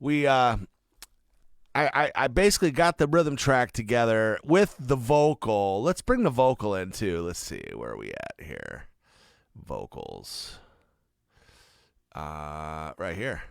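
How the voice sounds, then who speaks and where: A man's voice: fairly low pitch, sing-song, takes it slowly, creaky, no echo. A man producing music, giving a casual, chatty walkthrough of a song's mix in his studio. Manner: laid-back, chatty, friendly tour of a mix.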